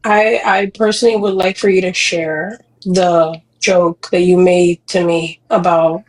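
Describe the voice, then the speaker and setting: A woman in a heated online debate, challenging the other guest and demanding answers. Her voice sits a little low, and her questions come sharp and insistent. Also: fairly even intonation, a little slow, poor audio. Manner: confrontational, pressing questions. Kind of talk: heated live-stream debate.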